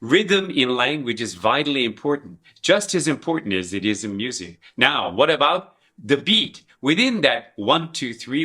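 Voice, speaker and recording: A man's voice: mid-range voice, animated, moderate pace, pushed and bright, slightly rough. A man explaining a teaching method in a lecture, asking rhetorical questions and demonstrating with babbled and sung syllables. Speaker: educator presenting a teaching method.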